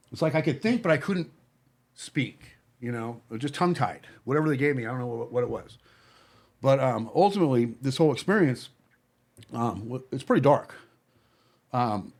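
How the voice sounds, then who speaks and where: A man telling a personal story to friends in casual talk, blunt and profane, halting often with fillers and restarts. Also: medium pitch, a little mellow, breathy edge. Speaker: podcast guest telling his story.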